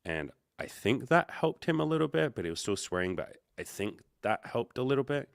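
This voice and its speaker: A man's voice: mid-range voice, big pitch swings, brisk, vocal fry, dry recording, studio quality. A man hosting a livestream, telling a story casually, rambling and correcting himself, with quoted dialogue. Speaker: livestream host and coach.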